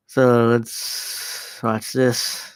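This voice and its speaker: A young man hosts a casual commentary on video clips, mocking and profane and quick to laugh. His voice sits in an ordinary middle pitch, and the sound is dry and close to the mic. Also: flat delivery, smooth, dry recording. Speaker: host.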